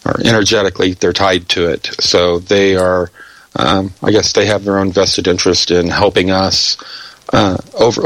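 A man being interviewed who talks haltingly with many fillers and restarts, and says he is losing his voice. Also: sits low, a bit bright, low-quality recording. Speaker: interview guest. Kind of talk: hesitant conversational interview.

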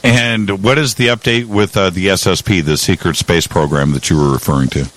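A man hosting an interview, asking measured questions. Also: low-pitched, noisy background. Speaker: interview host.

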